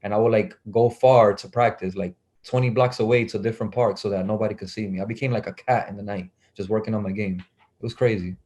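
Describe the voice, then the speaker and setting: A man's voice: lowish voice, fairly even intonation, fast talker, darkish tone, dull audio. A young man, a basketball player telling stories as an interview guest, acting out the voices he quotes and laughing often. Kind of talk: casual storytelling.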